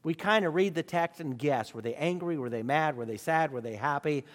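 A man's voice: a little high, brisk. A man preaching a sermon with emphatic rhetorical questions. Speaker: pastor. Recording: long reverb of a large hall.

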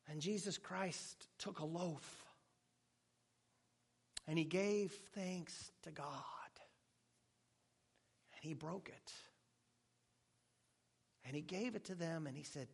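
A male pastor preaching a sermon with animated delivery and joking asides, at times dropping to a hushed tone. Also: on the high side, a little slow, long pauses.

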